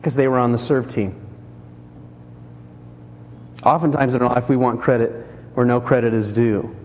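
A man preaching a sermon as pastor, telling the story with lively, acted-out voices for the people in it. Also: medium pitch, fairly quick, long reverb tail, a little hiss or hum. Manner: animated storytelling, acts out characters.

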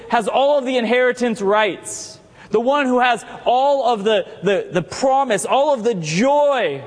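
A male pastor preaching a sermon to his congregation, joking and teasing members by name, then building to emphatic shouted declarations. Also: high-pitched. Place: church sanctuary with congregation. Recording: long hall reverb.

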